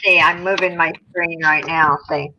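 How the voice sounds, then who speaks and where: A woman's voice: sits low, steady tone, normal speed, pushed and bright, muffled recording, a little hiss or hum. A woman in her seventies chatting as a guest on a livestream over a phone video call, giving brief, agreeable replies. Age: 70s. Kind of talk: casual livestream chat.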